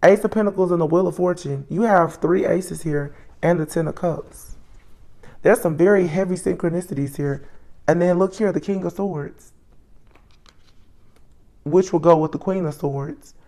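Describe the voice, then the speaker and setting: A woman giving a solo tarot reading, musing aloud as she names each card, with soft exclamations along the way. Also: on the low side, moderate pace. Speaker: tarot reader.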